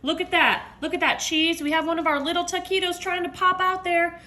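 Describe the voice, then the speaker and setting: Chatty high-voiced mom cooking at home. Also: female voice, little pitch movement, a little fast, sharp tone. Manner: upbeat, chatty, addresses viewers as y'all. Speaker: home cook, mother. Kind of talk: casual cooking video chat.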